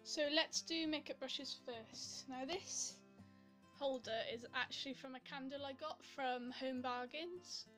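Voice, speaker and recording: A woman's voice: sits high, unhurried, bright, forceful tone, faint music behind. A young Welsh woman chatting casually to camera about her makeup, rambling and giggling, a little out of breath. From Wales. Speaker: beauty vlogger.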